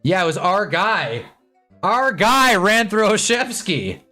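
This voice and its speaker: A young man casually reacting to live football games on a stream, swinging from low muttering to excited yelling at big plays. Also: slow, soft background music. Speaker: sports streamer. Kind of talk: live football watch-along commentary. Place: home streaming room with green screen.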